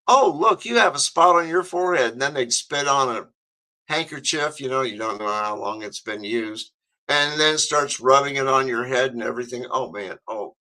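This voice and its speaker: A man's voice: medium pitch, bright, forceful tone, low-quality recording. A man hosting a talk radio show, rambling and chatty with many fillers.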